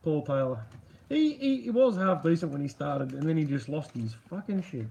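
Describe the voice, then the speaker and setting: A man's voice: on the high side, big pitch swings, normal speed, vocal fry, warm tone, slight background noise. A man hosting a livestream, chatting casually to viewers, swearing freely and rambling with restarts. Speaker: livestream host reading chat. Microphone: computer mic.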